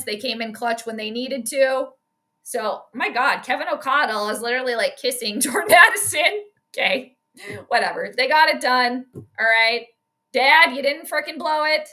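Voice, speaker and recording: A woman giving chatty, excitable live commentary on a game during a stream, reacting loudly to each play. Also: high-pitched. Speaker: astrologer and sports streamer.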